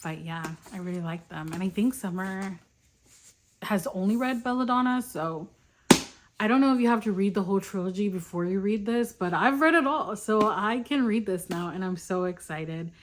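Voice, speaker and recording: A woman's voice: medium pitch, normal speed, slight background noise. A young woman chatting casually in a reading vlog, gushing and easily delighted. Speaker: book vlogger.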